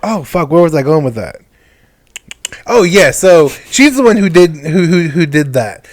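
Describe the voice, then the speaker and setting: A man's voice: on the high side, very animated, normal speed, no echo, studio quality. A man talking casually on a podcast, rambling and restarting his sentences as he tells stories. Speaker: podcast host. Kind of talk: casual chat.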